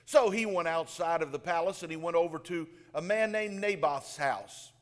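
A man's voice: on the high side, normal speed. A man preaching a sermon, telling a story and voicing the dialogue of its people. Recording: long reverb of a large hall.

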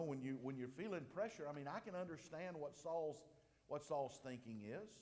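A man's voice: on the high side, a little mellow. Emphatic preacher man in a reverberant hall. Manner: emphatic preaching, slows for stress, rises and drops sharply. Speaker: pastor. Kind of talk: sermon.

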